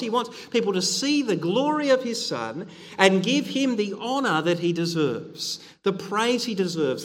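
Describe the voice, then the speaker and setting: A man's voice: high-pitched, long reverb tail. A middle-aged man preaching a sermon, earnest and conversational, with frequent fillers and restarts.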